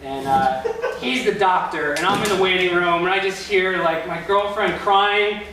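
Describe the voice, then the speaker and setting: Young male stand-up, high voice, echoey room. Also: moderate pace, a crowd in the background. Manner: rambling, loose, with filler words. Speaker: stand-up comedian. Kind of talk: stand-up comedy set. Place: comedy club stage. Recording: echoey club from a distance with noise.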